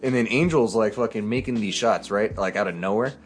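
A man's voice: on the low side, brisk, soft background music. A man telling a story in casual, profane podcast chat, acting out the people he quotes. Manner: animated, profane, acts out voices in quotes. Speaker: podcast co-host.

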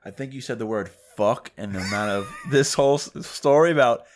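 A man in casual podcast chat who teases his co-host and keeps the talk chatty. He says "dude" often, in a voice of middling pitch. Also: brisk, a little hiss or hum.

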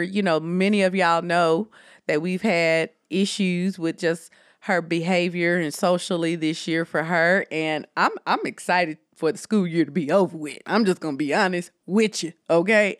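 A woman in her thirties co-hosting a casual podcast, telling animated stories and talking straight to her listeners. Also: lowish voice, no echo, clean studio sound. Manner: animated storyteller, addresses listeners as y'all. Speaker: podcast co-host. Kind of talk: casual chat.

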